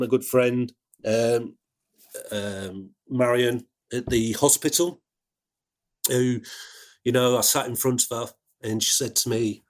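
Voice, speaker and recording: Halting English man telling his story. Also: mid-range voice. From England. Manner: halting, full of fillers and restarts. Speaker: guest, ambulance worker. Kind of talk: emotional personal storytelling.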